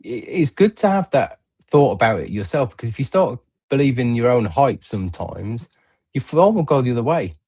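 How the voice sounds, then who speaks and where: A man's voice: mid-range voice, sing-song, moderate pace, dark tone, slightly rough. A middle-aged man hosting a podcast in casual chat. He tells rambling stories full of fillers and restarts. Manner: rambling, filler-heavy storytelling. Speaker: podcast host. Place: remote podcast stream.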